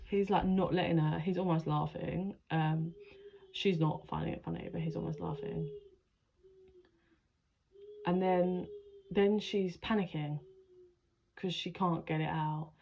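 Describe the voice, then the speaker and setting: A woman's voice: lowish voice, fairly even intonation, unhurried, vocal fry, pauses often, muffled recording. A woman giving a channeled tarot reading in a rambling, emotional way, swearing freely as she narrates. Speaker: spiritual adviser, tarot reader.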